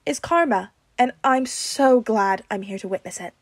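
A woman's voice: a little high, normal speed, no echo, voice pushed up, close to an everyday voice. A gleeful adult man ribs his best friend, voiced by a woman reading the story. The sound is close and dry. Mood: teasing. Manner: gleeful, teasing.

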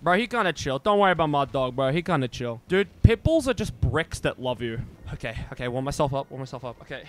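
A man commentating his own gameplay live, swearing and talking back to the game. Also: a little high. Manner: profane, excitable, swears at the game. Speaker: streamer.

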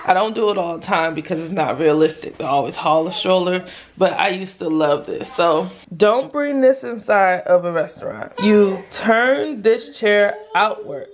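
Here a young mom shows off a stroller at home in a casual vlog, explaining hands-on as she chats. She speaks at a moderate pace in a lowish, expressive voice.

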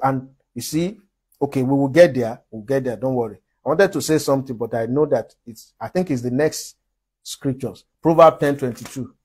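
A man's voice: medium pitch, moderate pace, a little mellow, slightly rough. A man from Nigeria preaching a sermon, emphatic, with frequent laughs between his points.

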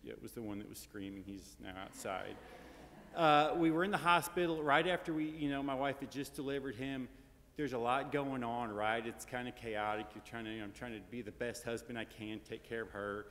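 Man, mid-pitched, casual eulogy, fillers and "right?" tags, long church reverb. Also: brisk, a bit bright. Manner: casual and anecdotal, tag questions and fillers. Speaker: grandson giving a eulogy. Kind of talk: funeral eulogy. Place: large church sanctuary.

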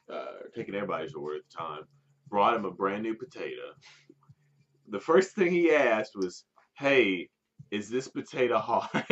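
A man's voice: on the low side, a bit bright. Rambling, laughing man telling a story. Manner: laughs through his story, rambling with restarts. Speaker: podcast co-host telling a story. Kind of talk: casual storytelling chat. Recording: dull lo-fi sound.

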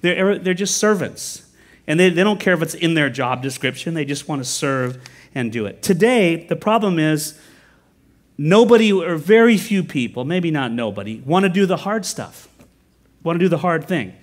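Animated American pastor preaching. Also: male voice, on the high side. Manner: conversational, animated storytelling with quick asides. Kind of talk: sermon. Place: church sanctuary.

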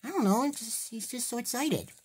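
A woman voicing an excitable cartoon girl hedgehog toy in a fan toy play, gushing and gasping with delight. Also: fairly high pitch, brisk, heavy background noise, lightly acted. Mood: excited.

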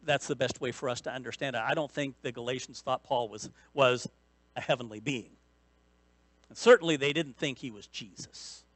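Animated preaching man, dry sound. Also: mid-range voice, normal speed, no room sound. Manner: animated preaching with rising bursts of emphasis; repeats key phrases for emphasis. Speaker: pastor. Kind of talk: sermon. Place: church sanctuary.

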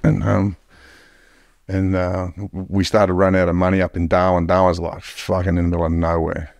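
A man's voice: low voice, completely flat delivery, moderate pace, creaky, a little mellow, dry recording, studio quality. An Australian man telling stories as a podcast guest in a blunt, heavily profane way. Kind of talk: casual storytelling.

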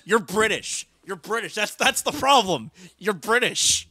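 A young man chatting casually while streaming a game, playful and breaking into loud teasing shouts. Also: high-pitched, expressive, a little slow, breathy edge, dry recording. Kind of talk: casual gaming chat.

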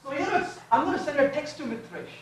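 A man giving a lively live technical talk, asking his audience question after question as he codes on stage. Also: extremely high pitch, fast talker, a little hiss or hum. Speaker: conference speaker. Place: large conference hall. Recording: echoey hall from far off.

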